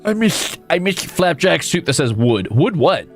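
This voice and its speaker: Animated young-sounding male game streamer. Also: unhurried, faint music behind. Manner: animated, jumps into high squeals when greeting creatures; playful, swears casually, chats with viewers. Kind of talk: live gameplay commentary.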